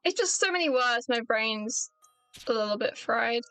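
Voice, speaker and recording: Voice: mid-range voice, animated, normal speed, pushed and bright, clear, resonant tone, soft background music. A British streamer commentating a video game playthrough, joking with chat and teasing themself. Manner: self-mocking, joking with chat.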